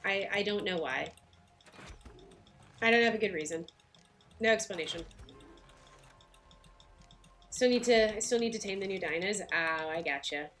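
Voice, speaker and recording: A woman's voice: mid-range voice, unhurried, long pauses, a bit bright, faint music behind. A woman with a light Southern US accent streaming a game, chatting casually with viewers and laughing often. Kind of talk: casual livestream chat while playing.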